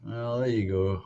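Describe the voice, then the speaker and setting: A man hosting an online chat show, talking in an unhurried way and laughing easily. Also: lowish voice, mellow, a little hiss or hum. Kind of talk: casual chat. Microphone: video call. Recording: dull lo-fi call audio.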